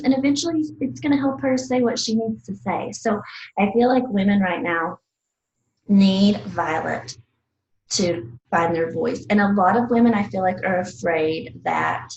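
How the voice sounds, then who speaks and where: A woman's voice: mid-range voice, echoey room, dull audio, a little hiss or hum. A woman from the American South, an herbalist teacher, speaking in an earnest, reflective way and often laughing and acting out little bits of dialogue. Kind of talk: reflective casual talk.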